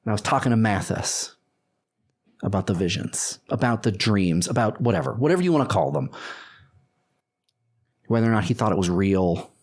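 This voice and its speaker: A man's voice: lowish voice, animated, normal speed, long pauses. A man voicing a tired, grumbling middle-aged man who rambles and sighs. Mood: weary.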